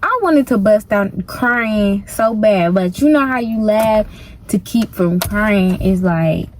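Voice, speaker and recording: A woman's voice: mid-range voice, lively intonation, slow pace, a little mellow, a little hiss or hum. A woman vlogger telling a personal story in a casual, slangy, emphatic way.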